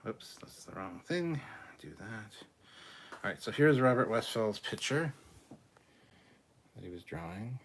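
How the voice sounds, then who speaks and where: A man with a deep, low voice hosts a casual live stream, reading out viewer messages one by one. He talks in a loose, rambling way, with plenty of fillers and restarts. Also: a bit bright. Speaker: host reading super chats.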